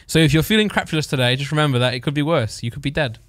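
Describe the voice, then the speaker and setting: A man's voice: fairly high pitch, rapid-fire, dry recording, clean studio sound. A man, co-hosting a podcast in casual chat, reading out word definitions and laughing often. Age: 20s. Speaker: podcast co-host.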